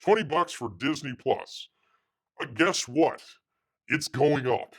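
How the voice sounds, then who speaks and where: A man's voice: a little high, expressive, slow. A man hosting his own livestream show, ranting in a sarcastic, mocking way with lots of filler words. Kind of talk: casual ranting commentary.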